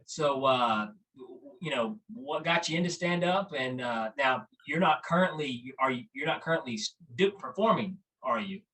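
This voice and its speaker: A man's voice: medium pitch, expressive, moderate pace, pushed and bright, breathy edge, poor audio. A man hosting a casual podcast, asking his guest questions in an eager, friendly way. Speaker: podcast host.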